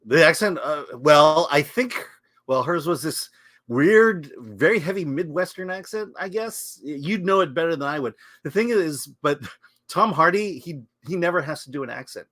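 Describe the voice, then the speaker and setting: A man's voice: a little high, animated, moderate pace, a bit bright, no echo. A man co-hosting a casual livestream film review from a remote call, laid-back and agreeable, laughing often. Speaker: film critic co-host. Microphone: remote call mic, lagging.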